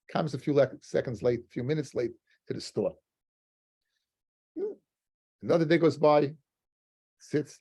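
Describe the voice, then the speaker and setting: A man teaching a Talmud lesson in an animated, conversational way, using Hebrew and Yiddish terms. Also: medium pitch, vocal fry, slightly rough.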